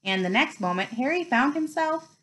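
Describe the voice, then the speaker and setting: A woman reads a children's novel aloud at a home pace. Her fairly high voice swings lively through each sentence, giving the narration an animated, storytelling feel. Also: moderate pace, poor audio. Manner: expressive storytelling. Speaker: reader.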